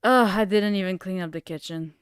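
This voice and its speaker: Woman, young adult, late-night stream chatter, casual swearing, crisp voice, dry close mic. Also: mid-range voice, a little fast, no room sound. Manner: rambling, heavy use of "like", casual swearing. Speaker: live streamer.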